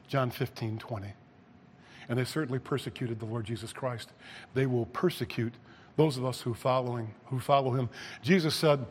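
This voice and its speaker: A man's voice: mid-range voice, moderate pace, breathy edge, big-room sound. A man preaching a sermon, reading scripture and rising to emphatic peaks. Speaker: pastor.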